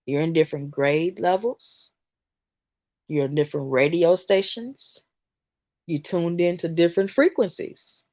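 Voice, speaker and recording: A woman's voice: lowish voice, a little slow, darkish tone, no echo. A woman hosting a spiritual livestream. She sounds emotional and speaks in emphatic, repetitive phrases in a channeling style.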